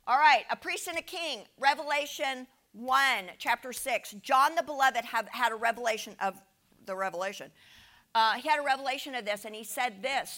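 Bright-voiced animated woman preaching. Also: fairly high pitch, normal speed. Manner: animated, emphatic, asks the audience rhetorical questions. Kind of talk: sermon with slides.

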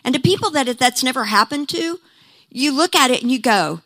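Bright, animated woman preaching. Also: sits high, brisk. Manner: animated, laughing, acting out quotes. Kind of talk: sermon.

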